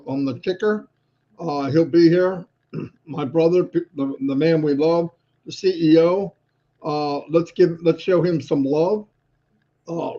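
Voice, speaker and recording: A man co-hosting a live stream in casual chat, joking and animated, heard through a video call mic. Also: a little high, lo-fi sound.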